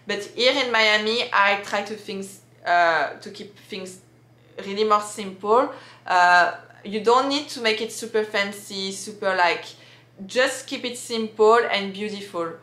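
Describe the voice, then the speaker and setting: A woman's voice: medium pitch, a little slow, pushed and bright. A young woman from France with a French accent, chatting casually in a vlog with many fillers and restarts. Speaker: vlogger. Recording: echoey room.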